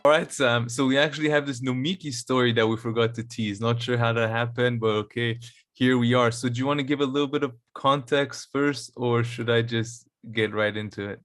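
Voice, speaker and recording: A man co-hosting a casual podcast chat in a relaxed, chuckling way. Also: mid-range voice, a little fast, dry recording, clean studio sound, soft background music. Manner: relaxed, chuckling, reads tweets aloud. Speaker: co-host.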